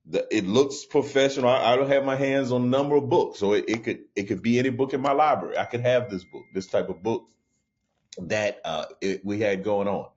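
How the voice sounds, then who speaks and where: A man who is a comedian and host, telling road stories in a casual monologue, jumping into higher voices when quoting people. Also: fairly quick, dull audio. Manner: animated, jumps into high voices for quoted people, frequent restarts.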